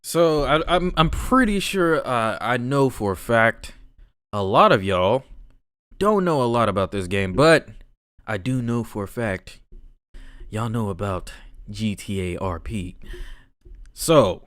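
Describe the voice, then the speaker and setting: A man's voice: mid-range voice, expressive, slow, long pauses, a bit bright, clean tone, no echo, clean studio sound. A man co-hosting a podcast, talking in a laid-back, rambling way full of fillers and slang. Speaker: podcast co-host. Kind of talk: casual chat.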